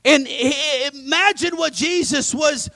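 A male pastor preaching a dramatic sermon, swinging between loud emphasis and hushed asides. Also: very high voice, slow, no room sound. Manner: acts out scripture voices.

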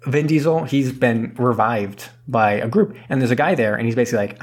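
Podcast co-host, male, mid-pitch, rambling movie recap with quick character bits. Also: slightly rough. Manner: rambling, laughs often, acts out characters' lines. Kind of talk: casual movie recap chat.

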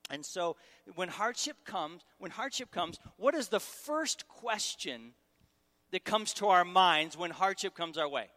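A middle-aged man delivers a sermon as a guest preacher, teasing the crowd and drawing it in with questions. His voice sits a little high and rings bright and forceful. A long reverb from a large hall trails after every phrase. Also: animated, unhurried. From Syracuse, New York. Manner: humorous, engaging the audience.

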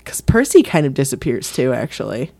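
A woman's voice: rumbling low, very animated, a little fast, vocal fry, mellow, no echo, clean studio sound. A woman co-hosting a podcast in casual chat, rambling through stories and laughing often. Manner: giggly, rambling storyteller. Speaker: podcast co-host.

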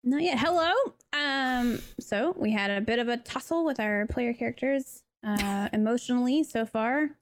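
A woman's voice: fairly high pitch, moderate pace, few pauses. A woman running a tabletop role-playing game, narrating the scene in a chatty way with many fillers. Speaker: game master.

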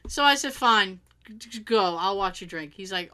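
Bright-voiced woman telling a story. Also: medium pitch, fairly quick. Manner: animated, swears freely, acts out quotes. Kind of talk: casual storytelling chat.

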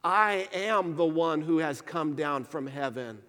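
Brief: Jesus, a steady male teacher rebuking the crowd, voiced by a preacher, unhurried, long reverb. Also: fairly high pitch, smooth. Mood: solemn. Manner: earnest, measured preaching cadence. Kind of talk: sermon.

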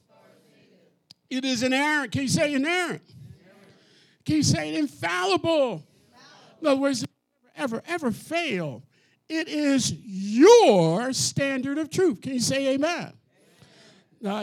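A man with a strikingly high voice preaches with great emphasis. He leads his congregation in call-and-response, pressing them to say words back to him. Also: a bit bright. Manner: emphatic, coaxes the audience to repeat words. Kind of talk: energetic call-and-response sermon.

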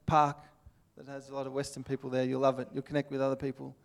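A man's voice: mid-range voice, monotone, quick pace, vocal fry, natural voice. A man with an Australian accent voicing an overeager, friendly expat parent gushing out invitations.

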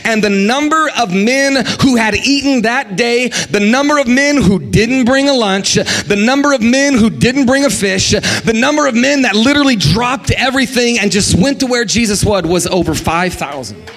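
A man preaching a sermon as pastor, animated and sing-song, leading the congregation in call-and-response. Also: extremely high pitch, moderate pace, few pauses.

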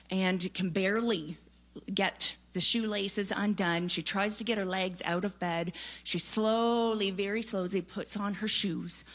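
A woman preaching a sermon, telling a story in a lively, conversational way with casual fillers. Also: mid-range voice.

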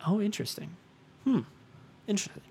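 A man's voice: sits high, animated, fairly quick, creaky, a little mellow, a little hiss or hum. A man co-hosting a casual podcast, talking enthusiastically about movie news and rambling with restarts. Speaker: podcast co-host. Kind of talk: casual chat.

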